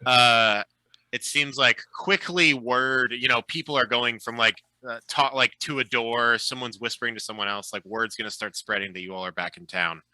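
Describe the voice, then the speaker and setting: A man narrates a tabletop session as game master, his voice very bright and sharp. He talks in a relaxed, chatty way and fills his sentences with ums and uhs. The sound is dry and close. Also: medium pitch, moderate pace, no echo, low-quality recording. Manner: relaxed, chatty, with frequent fillers.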